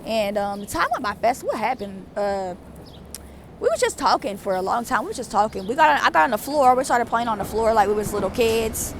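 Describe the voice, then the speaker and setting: Young adult woman, vlogger, casual storytelling, rambling, fairly high voice. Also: fairly quick, slight background noise. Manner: rambling, animated, with many fillers.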